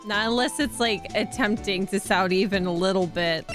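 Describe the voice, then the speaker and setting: A woman's voice: medium pitch, moderate pace, music in the background. A woman streamer chatting casually while playing a game, reading text aloud and laughing at her own attempts. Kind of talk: casual game playthrough commentary.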